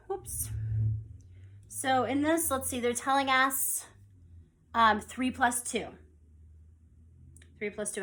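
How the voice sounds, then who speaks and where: A woman teaching an online music theory lesson, counting beats aloud and explaining in a relaxed, conversational way. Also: fairly high pitch. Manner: relaxed and conversational, with fillers and restarts.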